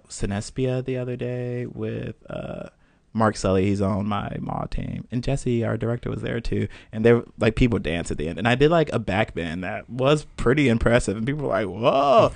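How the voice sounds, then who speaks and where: A young man chatting as a podcast guest, animated and joking, laughing often. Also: mid-range voice, normal speed, creaky, no room sound. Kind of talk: casual interview chat.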